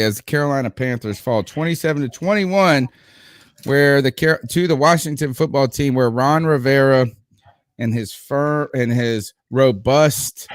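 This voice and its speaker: A man hosts a sports podcast, his medium-pitched voice captured in clean, echo-free studio sound. He keeps it casual and jokey, piling on exaggeration and rambling with plenty of fillers.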